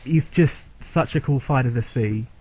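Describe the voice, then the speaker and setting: A man from Britain chats casually as a podcast guest, his voice at an ordinary middle pitch. He is easygoing and pauses on fillers now and then. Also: mellow, rough recording. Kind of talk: casual chat.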